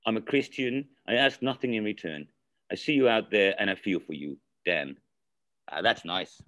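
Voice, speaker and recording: A man with a Dutch accent on a video call, talking haltingly with many restarts and reading aloud slowly. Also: lowish voice, expressive, fairly bright tone, poor audio. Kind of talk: casual group video-call chat.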